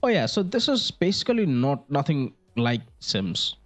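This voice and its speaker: An eighteen-year-old Indian gaming creator talks into a desk mic at normal speed, his fairly high voice very animated over faint music. His casual gameplay commentary rambles along jokily, full of fillers and the occasional swear word.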